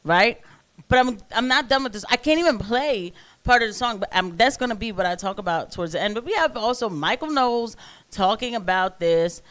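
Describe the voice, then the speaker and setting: A woman's voice: on the high side, animated, a little fast. A woman hosting a casual reaction commentary, talking emphatically and asking viewers rhetorical questions. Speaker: commentary host.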